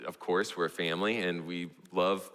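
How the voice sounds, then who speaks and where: Young male Texan pastor, bright forceful voice, animated storytelling sermon in a big echoing church. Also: moderate pace. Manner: storytelling, animated, voices his toddler in a high squeal. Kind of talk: sermon illustration. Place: church sanctuary. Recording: church hall reverb.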